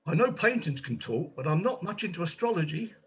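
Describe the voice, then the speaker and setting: A man plays a nervous, gentle gallery guide who stumbles over his words. His voice sits high and swoops widely, with a husky edge. The sound is dull and lo-fi. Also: animated, fairly quick, full character voice. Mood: eager. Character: anxious, kind-hearted male gallery guide. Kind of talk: amateur stage drama.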